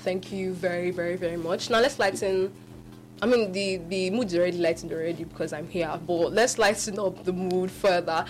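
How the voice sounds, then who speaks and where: A woman hosting a live radio call-in show, animated, often laughing and restarting her sentences. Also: on the low side, normal speed, a little hiss or hum.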